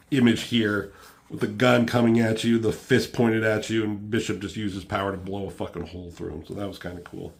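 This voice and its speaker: A man casually reviewing a comic book, rambling with lots of ums and swearing freely. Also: on the low side.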